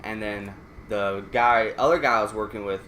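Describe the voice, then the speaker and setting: A man's voice: fairly low pitch, steady tone, moderate pace, bright, forceful tone, slight background noise. A man casually telling a rambling, profane story while playing a game. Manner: profane, rambling anecdote with restarts. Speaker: let's play gamer. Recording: echoey room.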